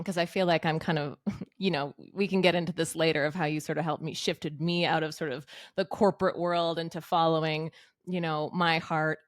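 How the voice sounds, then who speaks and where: A woman's voice: fairly low pitch, no room sound, clean studio sound. Woman host asking rambling questions. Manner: rambling, searching questions with laughs. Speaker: podcast host. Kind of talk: conversational interview questions.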